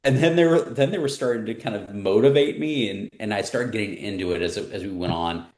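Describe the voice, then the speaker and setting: Casting: deep-voiced male interview guest, forties, animated storyteller, echoey room. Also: brisk. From Missouri, US. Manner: animated storyteller, acts out quoted people. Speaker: marketing director guest.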